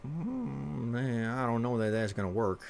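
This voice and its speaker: A man's voice: mid-range voice, expressive, a little slow, gravelly, a little mellow, a little hiss or hum. A man streaming a puzzle game live, thinking aloud to himself as he works and chatting casually with his viewers. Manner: chats with viewers.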